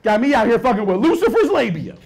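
A man in his thirties performing a stand-up comedy set, swinging between low mumbled asides and loud outbursts. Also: very animated, fast. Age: 30s.

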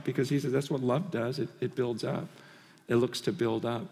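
A man's voice: mid-range voice, fairly even intonation, moderate pace, creaky. Impassioned male preacher in a reverberant hall. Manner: impassioned, swinging between loud and hushed; frequent stammered restarts. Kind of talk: conference sermon. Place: conference hall. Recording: long reverb of a large hall.

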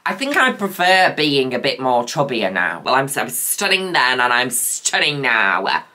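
A woman's voice: extremely low pitch, sing-song, moderate pace, bright, forceful tone, slight background noise. A woman, a drag queen host, chatting in a camp, theatrical, self-mocking way as she reacts to an old video. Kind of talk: casual reaction commentary.

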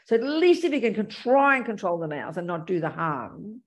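A woman's voice: medium pitch, sing-song, moderate pace. A woman Buddhist teacher giving a dharma talk and answering audience questions, speaking frankly and calling people darling and sweetie.

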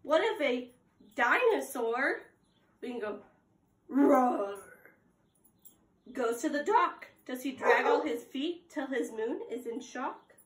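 Slow sing-song preschool teacher, woman. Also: high voice, a bit bright. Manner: slow, sing-song, exaggerated gasps and prompts to children. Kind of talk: circle time read-aloud and lesson for young children. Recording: echoey room.

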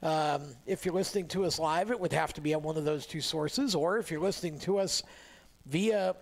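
Higher-voiced chatty male radio host. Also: a little fast. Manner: relaxed, chatty, many fillers and restarts. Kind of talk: casual motorsport radio talk.

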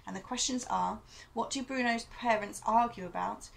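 A woman teacher reading a novel aloud to her pupils in a steady storytelling manner. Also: a little high, normal speed, gravelly, poor audio.

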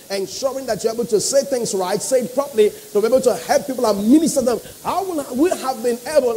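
A man's voice: very high-pitched, warm tone, slight background noise, low-quality recording. A man with a Nigerian English accent preaching a sermon, emphatic and repetitive, calling out to the congregation. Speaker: pastor.

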